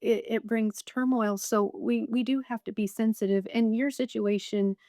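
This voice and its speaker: Host woman, halting and thoughtful. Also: fairly high pitch, steady tone, warm tone, dry recording, clean studio sound. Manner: thoughtful, halting, with many fillers. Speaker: podcast host. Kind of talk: conversational interview.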